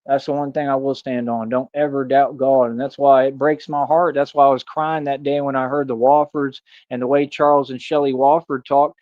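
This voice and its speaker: A man's voice: medium pitch, flat delivery, brisk, few pauses, dry recording. Man, casual vlog monologue, earnest and emphatic, dull lo-fi sound, dry. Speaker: street performer in a Batman costume.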